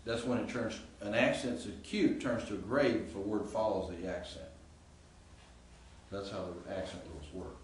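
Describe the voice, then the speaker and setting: A man's voice: on the low side, moderate pace, distant mic. Man lecturing in an echoey classroom. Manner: explanatory, informal, asks students questions. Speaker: Greek professor. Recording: echoey classroom recorded from afar with faint hiss.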